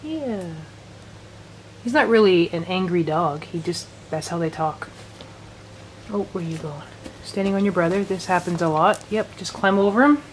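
A woman vlogging at home, talking softly and cooing to her dogs between casual chat. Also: lowish voice, moderate pace. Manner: soft, cooing baby talk to her dogs. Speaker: daily vlogger. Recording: noisy home camera recording.

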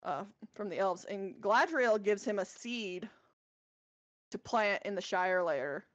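A woman's voice: mid-range voice, lively intonation, slow, no echo. A woman co-hosting a podcast, casually retelling a book's plot with many fillers and self-corrections. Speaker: podcast co-host.

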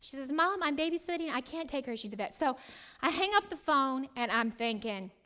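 Bright-voiced woman teaching the Bible. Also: high-pitched, lively intonation, brisk. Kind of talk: Bible teaching with a personal story.

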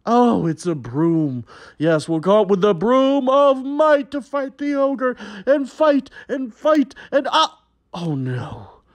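A man's voice: very high-pitched, slow. A man performing a children's story, telling it in an exaggerated, melodramatic way with gasps and mock horror and talking straight to young viewers. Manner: animated, jokey, talks straight to young viewers. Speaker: balloon artist and children's performer.

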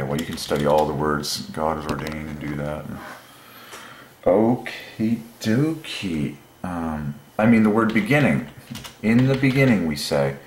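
A man hosting a channel, explaining an idea while thinking aloud, meandering and pausing often with fillers. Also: low voice, reverberant, a little hiss or hum. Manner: musing, meandering, with many fillers. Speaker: channel host.

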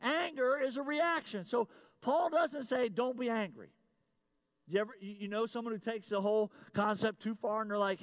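High-voiced pastor preaching with swings. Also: male voice, moderate pace. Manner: swings from loud emphatic lines to low confiding asides, repeats key phrases. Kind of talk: sermon.

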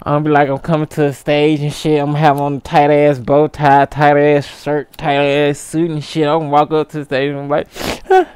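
Theatrical man with a smooth dry voice. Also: monotone, a little fast, few pauses, a little mellow, dry recording. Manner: theatrical, jumps into squealing high-pitched mock sobbing speeches. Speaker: gaming YouTuber. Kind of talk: comedic vlog rant.

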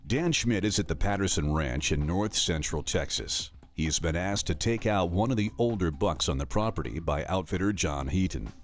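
A man's voice: deep voice, expressive, normal speed, few pauses, soft background music. A man giving scripted narration to open an outdoor hunting show.

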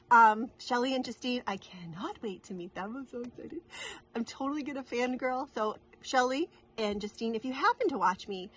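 A woman's voice: medium pitch, fairly bright tone, breathy edge. Chatty giggly woman vlogger. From New England. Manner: chatty, rambling, giggly, many restarts. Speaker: cross-stitch vlogger. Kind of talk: casual chat to camera.

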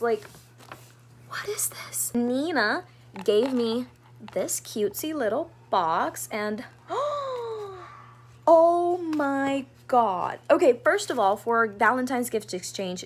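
A young woman in her twenties vlogs in a high-leaning voice, talking slowly and gushing with gasps and plenty of "like" and "oh my gosh". It is a casual, chatty vlog, with faint noise behind her. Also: a bit bright. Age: 20s. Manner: gushing, gasping, full of "like" and "oh my gosh". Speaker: vlogger. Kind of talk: casual vlog, opening gifts.

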